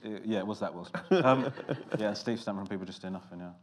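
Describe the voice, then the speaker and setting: A comedian in a casual interview, telling stories in a dry, self-mocking way with lots of "uh" and restarts. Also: male voice, on the low side, fast talker. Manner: dry self-deprecating storytelling with fillers. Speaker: comedian guest.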